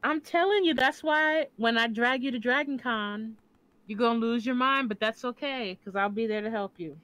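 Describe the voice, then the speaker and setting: A woman's voice: on the high side, a bit bright, no room sound, poor audio. A woman co-hosting a game stream, joking and teasing in casual chat. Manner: playful, teasing, quick to laugh. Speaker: co-host.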